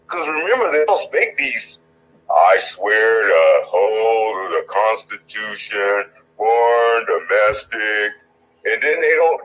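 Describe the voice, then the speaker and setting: A man's voice: medium pitch, sharp tone, a little hiss or hum, rough recording. A man running for office, answering interview questions in an earnest, rambling, emphatic way. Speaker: political candidate.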